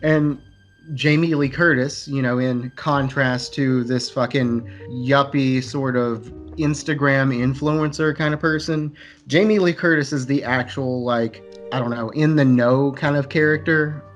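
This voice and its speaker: A man's voice: medium pitch, steady tone, measured pace, faint music behind. A man co-hosting a casual movie podcast, talking loosely and laid-back as he recalls scenes. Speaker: podcast co-host. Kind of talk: casual movie chat over beers.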